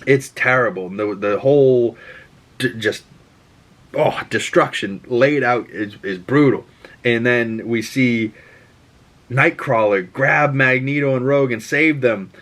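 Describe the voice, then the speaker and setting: An excitable man at an ordinary middle pitch, hosting a reaction recap. He rambles through the story with plenty of fillers. He swears freely as he goes. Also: slow. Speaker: pop culture podcast host.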